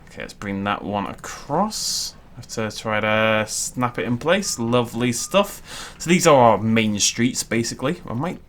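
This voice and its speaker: A man's voice: medium pitch, animated, measured pace, fairly bright tone, a little hiss or hum. A young man giving casual, jokey let's-play commentary as he builds in a game. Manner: chatty, self-deprecating, jokey asides. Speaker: gaming YouTuber.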